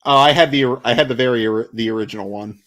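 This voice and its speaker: A man hosting a casual podcast chat, animated, often stammering and repeating words when excited. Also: medium pitch, fast. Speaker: podcast host.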